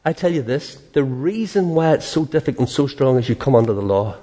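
A man preaching a sermon in an earnest, animated way, acting out prayers and quotes, with a soft laugh now and then. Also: medium pitch, fairly quick.

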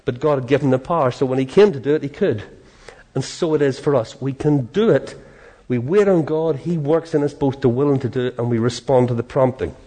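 A man preaching a sermon in an earnest, animated way, acting out prayers and quotes, with a soft laugh now and then. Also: mid-range voice, brisk, slightly rough.

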